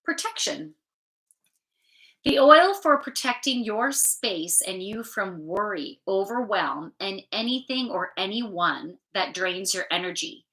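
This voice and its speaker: A woman gives a live oracle card reading in a bright, clear voice. She talks slowly and chats casually, with an offhand swear here and there. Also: medium pitch, big pitch swings, low-quality recording. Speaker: spiritual card reader and channeler.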